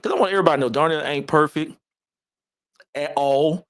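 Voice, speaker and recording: A man co-hosting a casual podcast about faith, talking in a lively, emphatic way and often repeating himself. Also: a little high, a little fast, dry recording. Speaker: podcast co-host.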